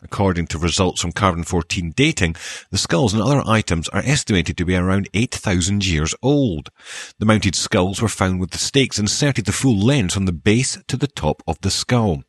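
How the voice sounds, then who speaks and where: A man with a soft Scottish accent hosting a show, reading archaeology news and dedications with wry, dry joking asides. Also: low-pitched, lively intonation, normal speed, no echo. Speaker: podcast host.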